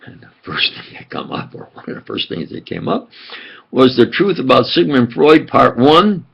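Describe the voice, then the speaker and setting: Older man, New York accent, rambling halting talk, husky voice, muffled lo-fi recording. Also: mid-range voice, huge pitch swings. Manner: slow and halting, with many fillers and restarts. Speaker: channel host. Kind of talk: rambling monologue.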